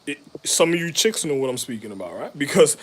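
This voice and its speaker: A man in a rambling, profane monologue, full of street slang, jumping between loud laughing outbursts and low mutters. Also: very animated, quick pace, husky.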